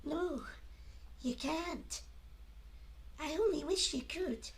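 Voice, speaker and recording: A man voicing a prim, dutiful young village maid in a comic operetta, in a melodramatic falsetto, recorded in his room at home. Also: slow pace. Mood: earnest. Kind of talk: comic operetta dialogue, one-man performance.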